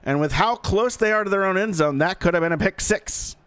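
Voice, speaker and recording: A man's voice: high-pitched, a little fast, fairly bright tone, clear, resonant tone, no room sound. A man giving live play-by-play commentary on a simulated football game in a folksy, joking manner that talks straight to the audience.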